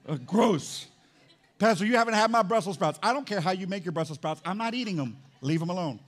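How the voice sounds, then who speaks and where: A middle-aged pastor preaches a sermon in a high, animated voice at a fairly quick pace. He tells family stories conversationally and calls on the congregation for amens.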